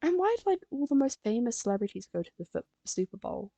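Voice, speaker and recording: A woman's voice: on the high side, big pitch swings, fast talker, dark tone, no echo. A teenage girl from England, rambling casually on a live stream while she draws, full of fillers. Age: teens. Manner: rambling, chatty, frequent fillers. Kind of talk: casual chat while drawing.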